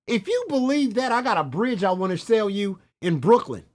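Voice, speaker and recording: A man's voice: high voice, very animated, normal speed, darkish tone. A man commentating on a stream, reacting to clips with scornful, profane disbelief.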